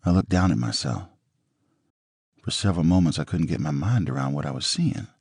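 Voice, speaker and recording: Brief: low husky male narrator, lively pitch, close dry sound, profane storytelling. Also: fairly quick, no echo. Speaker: audiobook narrator. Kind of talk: first-person book reading.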